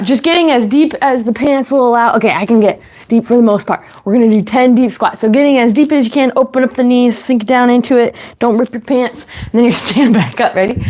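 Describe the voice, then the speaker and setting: A woman's voice: a little high, a little mellow. A woman fitness instructor leading a home workout, chatty as she cues each move and counts reps.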